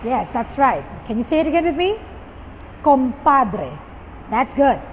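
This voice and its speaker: A high-pitched woman gives a patient vocabulary lesson and repeats each word for listeners to echo. Her voice has a long reverb tail, with faint vehicle noise behind it. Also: sing-song, a little fast. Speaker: storytelling teacher. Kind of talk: teaching vocabulary to viewers.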